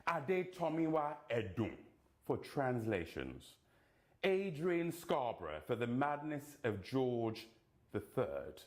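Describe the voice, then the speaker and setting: A man reads out award nominations, saying each name deliberately and slipping playful, camp jokes in between. His voice is medium in pitch and swoops wildly.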